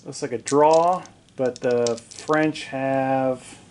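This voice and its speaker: A man narrating his own tabletop wargame in a casual play-by-play, excitable, joking and swearing at his dice rolls, recorded in a home basement. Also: medium pitch, very slow, slight background noise. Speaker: wargaming hobbyist narrating a battle report.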